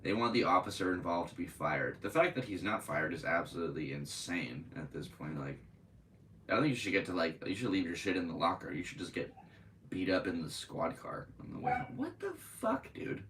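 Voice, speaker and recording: A man's voice: sits low, fairly quick, fairly bright tone, recorded from a distance, a little hiss or hum, rough recording. A man hosting a podcast, reading news aloud and breaking into profane, angry commentary. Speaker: podcast host.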